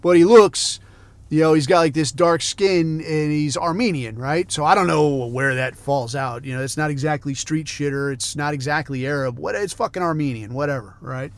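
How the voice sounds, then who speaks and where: A man's voice: fairly high pitch, moderate pace. A middle-aged man hosting a podcast, telling rambling stories in a casual, heavily profane rant. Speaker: podcast host.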